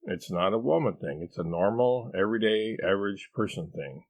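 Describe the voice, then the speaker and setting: A man voicing a pompous, eccentric husband who lectures in a drawn-out, know-it-all way in a storybook reading. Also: fairly low pitch, darkish tone, dry recording, pitched above the performer's own voice. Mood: lecturing.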